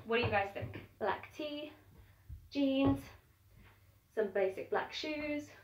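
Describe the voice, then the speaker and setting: Talking to camera from inside her home, a young woman keeps her vlog chatty and cheerful. She has a high voice and takes her time, while the audio has a roomy, far-off quality.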